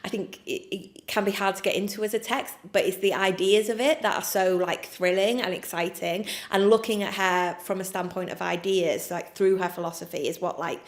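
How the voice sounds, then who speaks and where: A woman's voice: mid-range voice, steady tone, normal speed, hardly any pauses. A woman playwright with an English accent, answering interview questions frankly and chattily, with many fillers. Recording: echoey room.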